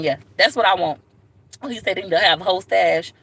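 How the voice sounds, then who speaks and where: A woman chats straight to her viewers in a bright, forceful voice. She is blunt and lively, telling stories with loud asides. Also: fairly low pitch, brisk, vocal fry, husky. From Florida, USA. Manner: blunt, animated, calls viewers baby. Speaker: vlogger. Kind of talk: casual storytelling to camera.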